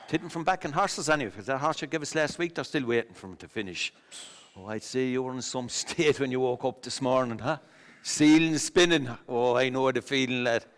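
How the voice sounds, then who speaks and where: A man's voice: medium pitch, natural voice. An actor playing a rambling, superstitious pub storyteller with an Irish accent, stammering as he spins his tales on a theatre stage. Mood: teasing. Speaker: pub regular telling a story. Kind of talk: filmed stage play acting. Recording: long stage reverb.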